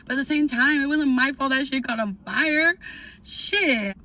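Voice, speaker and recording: A young adult woman telling a casual storytime on her vlog, animated, swearing freely and peppering her talk with "like". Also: high voice, moderate pace, slight background noise. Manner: animated, heavy swearing, lots of "like". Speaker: vlogger.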